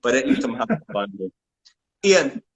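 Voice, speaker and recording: A man with an Italian accent hosting a casual online interview, speaking haltingly with many restarts. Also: mid-range voice, sing-song, low-quality recording. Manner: hesitant, many restarts, switches to translate. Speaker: interview host.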